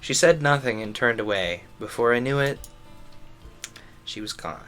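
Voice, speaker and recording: A man's voice: mid-range voice, animated, moderate pace, a bit bright, faint music behind. A man streaming a visual novel, reading the story aloud and adding chatty, amused commentary. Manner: chatty, amused asides between read lines.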